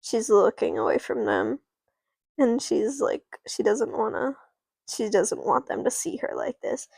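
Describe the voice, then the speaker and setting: Slow, gravelly young woman narrating play. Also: on the high side, animated, darkish tone, no room sound. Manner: rambling, self-interrupting. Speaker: player narrating doll play.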